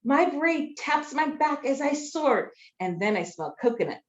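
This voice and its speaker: A woman librarian reads picture books to children over a video call in a high, bouncy voice that climbs and dips constantly. She exclaims and gasps to keep little listeners hooked. The sound is dull and lo-fi. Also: a little slow. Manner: expressive, gasping and exclaiming for children. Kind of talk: children's storytime read-aloud.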